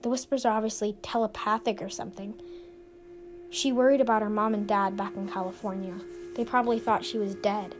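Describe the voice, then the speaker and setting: A woman's voice: mid-range voice, fairly even intonation, a little fast. A woman hosting a show, narrating a scripted suspense story in an earnest, suspenseful way. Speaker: storyteller and podcast host. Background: music.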